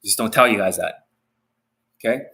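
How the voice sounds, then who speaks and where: A man's voice: lowish voice, normal speed, creaky, pushed and bright, poor audio. Blunt, profane male dating coach. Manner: blunt and profane, speaking straight to viewers; repetitive, says key phrases again. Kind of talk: live-streamed coaching talk.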